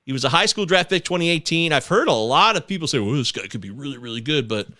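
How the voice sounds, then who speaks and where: A man's voice: fairly high pitch, expressive, fast talker, sharp tone, no echo, studio quality. A man co-hosting a casual sports podcast, jokey and self-deprecating as he talks. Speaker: podcast co-host. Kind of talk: casual chat.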